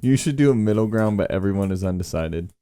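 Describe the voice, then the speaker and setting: A man co-hosting a casual reaction chat, relaxed and laughing often as he thanks viewers. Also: lowish voice, quick pace, clean tone. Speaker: co-host.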